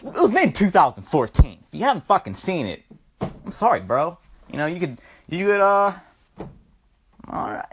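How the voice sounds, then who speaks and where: A casual vlogger rambling through a movie review, heavy on swearing and filler. The delivery is loose and animated, with lively swings in pitch.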